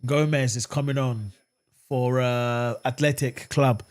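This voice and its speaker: A slow-paced, medium-pitched man hosts a live football watchalong for his fan channel. He reads out viewer comments and responds, chatting calmly in animated fashion until he erupts, shouting in outrage at the referee.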